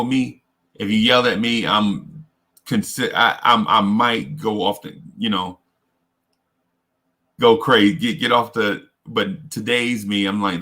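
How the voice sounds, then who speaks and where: A man hosts a casual advice talk in a slightly low voice with a forceful, sharp edge. He speaks earnestly and haltingly, often restarting and repeating words as he works through his points. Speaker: host.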